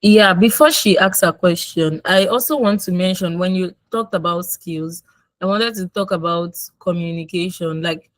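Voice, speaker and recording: A woman from Nigeria with a Nigerian English accent, giving casual mentoring advice in quick, animated speech and acting out quoted exchanges. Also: lowish voice, no echo, rough recording. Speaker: guest mentor.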